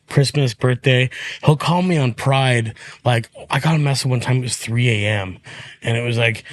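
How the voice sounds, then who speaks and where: A young man telling stories in a casual podcast chat. He acts out the voices of the people he quotes and laughs often. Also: mid-range voice. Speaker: guest comedian.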